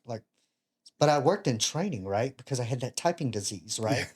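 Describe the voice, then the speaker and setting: A man in his fifties, a retired Navy chief and podcast guest, telling casual stories with animated, self-mocking humor and acting out other people's lines. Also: medium pitch, brisk, breathy edge. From United States. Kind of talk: casual storytelling.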